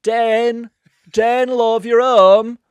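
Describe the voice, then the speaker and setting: A man voicing an older northern woman, a homely prison cook, in a loud, doting and motherly way for a comedy podcast. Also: extremely high pitch, little pitch movement, extremely slow, smooth, no echo, clean studio sound, pitched above the performer's own voice, exaggerated voice. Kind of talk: comic impression on a podcast.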